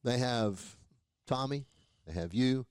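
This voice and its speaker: A man's voice: medium pitch, slow, darkish tone, smooth, dry recording. A man hosting a podcast and putting questions to his guest in a friendly way. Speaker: podcast host. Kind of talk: interviewing.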